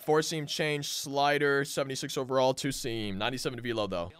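A young man commentating his own baseball video game, swinging between frustrated groans and loud hype. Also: mid-range voice, fairly even intonation, brisk, smooth. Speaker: gaming channel host. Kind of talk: live gameplay commentary.

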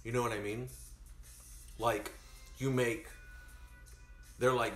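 A man chatting casually to his stream while baking, rambling and animated. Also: mid-range voice, slow pace, reverberant, soft background music.

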